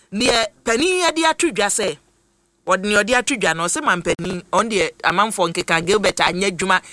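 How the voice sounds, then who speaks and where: High, bright-voiced male radio host. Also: no echo. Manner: animated, addresses listeners as family. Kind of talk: radio talk show hosting.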